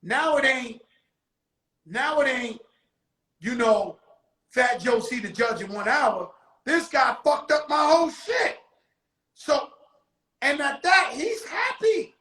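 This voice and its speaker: A man telling a story on his show in casual street talk, loudly acting out the quotes. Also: very high-pitched, takes it slowly, pauses often, echoey room, rough recording. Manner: animated, acts out quotes loudly. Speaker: show host.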